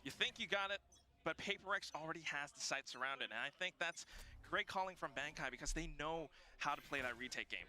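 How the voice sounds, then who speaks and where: High-voiced male play-by-play caster. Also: lively intonation, brisk, sharp tone. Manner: dramatic, rising and falling calls. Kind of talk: esports play-by-play commentary.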